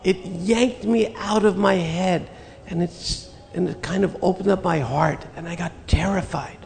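Gravelly older man telling a memory. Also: high-pitched, a little mellow, big-room sound, a little hiss or hum. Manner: earnest, reflective, slow-building pauses. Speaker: spiritual teacher recounting memories. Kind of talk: personal storytelling talk.

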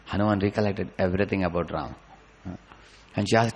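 A middle-aged man telling a devotional story in an animated way, often adding a questioning "huh?". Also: low-pitched, fairly quick, gravelly, long pauses, husky.

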